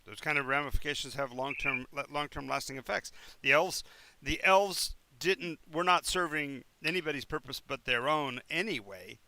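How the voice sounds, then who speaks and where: A man voicing an evasive, smooth-talking male town official who rambles with falsely cheerful fillers in a tabletop game. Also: on the high side, normal speed, pushed and bright, a little hiss or hum.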